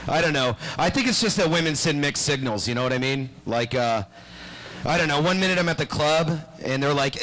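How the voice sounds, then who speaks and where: A young man doing a stand-up set on a small club stage, deadpan, then bursting into shouted voices. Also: fairly high pitch, brisk, poor audio. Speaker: stand-up comedian.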